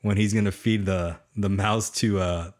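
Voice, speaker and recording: Low-voiced laid-back podcast host. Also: male voice, steady tone, moderate pace, a little hiss or hum. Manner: laid-back, peppers sentences with "man" and "you know". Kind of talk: casual recap chat.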